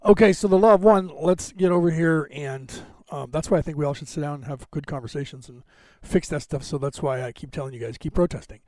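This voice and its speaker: A man's voice: on the high side, a little fast, hardly any pauses, a little mellow, no room sound. Chatty, rambling man hosting a live stream. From United States. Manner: rambling, chatty, many fillers and restarts. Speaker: podcast host. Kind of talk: casual live-stream chat. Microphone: camera on a box, live stream.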